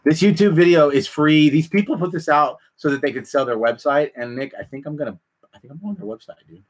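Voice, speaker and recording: A man hosting a casual chat, rambling and animated, often repeating himself. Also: a little high, fairly quick. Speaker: podcast host.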